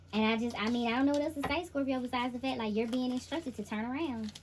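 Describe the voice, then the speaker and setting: A woman's voice: high voice, a little fast, a little hiss or hum, low-quality recording. A woman giving a casual tarot reading, speaking directly to the listener in an emphatic, repetitive, slangy way. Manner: informal slangy delivery. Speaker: intuitive tarot reader.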